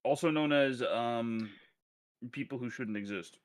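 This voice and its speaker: A man's voice: mid-range voice, a little slow. A man co-hosting a casual stream, trading dry, sardonic put-downs. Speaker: co-host.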